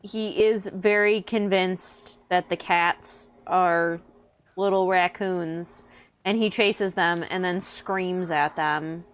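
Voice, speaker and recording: A woman's voice: lowish voice, steady tone, takes it slowly, clean tone. Chatty woman co-hosting a game stream. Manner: chatty storyteller, reads chat aloud. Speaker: stream co-host. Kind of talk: casual chat on a game stream.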